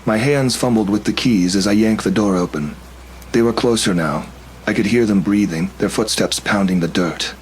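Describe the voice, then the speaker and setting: A man narrating a first-person horror story in a steady, tense storytelling manner. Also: lowish voice, slight background noise, low-quality recording.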